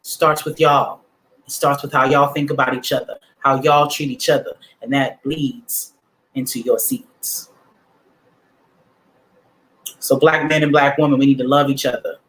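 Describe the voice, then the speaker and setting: A man's voice: medium pitch, little pitch movement, a little slow, long pauses, fairly bright tone. A man hosting a livestream, giving a motivational talk to his audience in casual slang, repeating affirmations with emphasis like a preacher. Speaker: livestream host.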